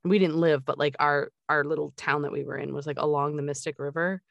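A woman's voice: low voice, fairly even intonation, fairly quick, vocal fry, no room sound, muffled recording. A woman co-hosting a podcast, chatting casually, going off on tangents with many fillers. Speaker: podcast co-host. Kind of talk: casual chat.

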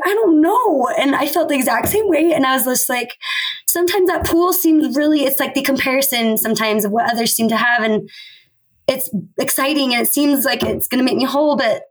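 A woman in her thirties sharing a personal faith testimony on a podcast, earnest and emotional, with halting restarts. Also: high-pitched, low-quality recording. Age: 30s. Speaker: podcast guest.

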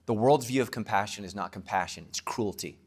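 A man, a pastor, preaching an emphatic sermon to his congregation and closing with a quiet prayer. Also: fairly low pitch, fairly quick.

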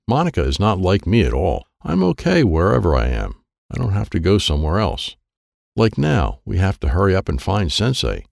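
Deep gravelly man reading a children's book. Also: huge pitch swings, normal speed, dry recording, studio quality. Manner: simple first-person telling as a boy. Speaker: audiobook narrator. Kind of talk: children's storybook narration.

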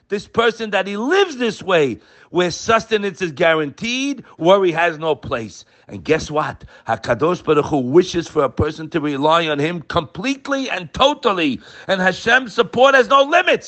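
High, animated older male preacher. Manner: impassioned, emphatic, fond of rhetorical questions. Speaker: religious teacher. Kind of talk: sermon.

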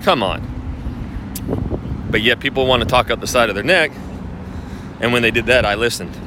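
A man's voice: mid-range voice, moderate pace. Blunt, profane man ranting over noise. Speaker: video marketing coach for real estate agents. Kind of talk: casual monologue to camera.

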